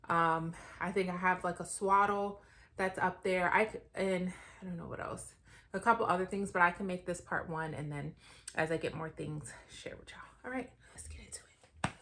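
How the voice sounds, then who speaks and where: A woman's voice: lowish voice, a bit bright. Chatty pregnant woman vlogger. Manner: chatty, fillers and quick asides to viewers. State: pregnant, a bit out of breath. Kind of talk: casual pregnancy unboxing vlog.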